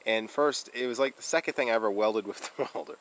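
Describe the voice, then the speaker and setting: Man, vlogger, low-pitched, casual rambling story, filler words, laughing. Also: fast talker, a bit bright, rough recording.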